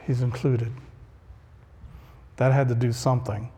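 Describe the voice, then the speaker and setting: A man's voice: medium pitch, level tone, unhurried, warm tone, husky. A man preaching a conversational sermon, acting out the voices he quotes. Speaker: pastor. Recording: long reverb of a large hall.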